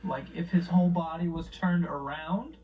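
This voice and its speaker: A man's voice: on the high side, normal speed, far from the mic, highs cut off, a little hiss or hum. A man giving profane comedic commentary, incredulous and mocking, swearing often.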